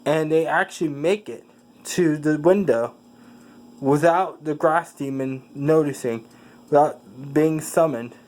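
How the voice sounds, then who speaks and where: A speaker casually retelling a fan story, halting often with fillers and correcting themself mid-sentence. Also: medium pitch, a little mellow, low-quality recording.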